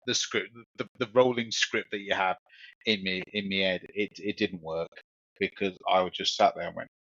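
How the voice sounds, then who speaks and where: Male podcast co-host, lower voice, rambling and sweary, dry close sound. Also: fairly even intonation, moderate pace, fairly bright tone, dry recording. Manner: rambling, swears, repeats himself. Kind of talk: casual storytelling chat. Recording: dull lo-fi sound.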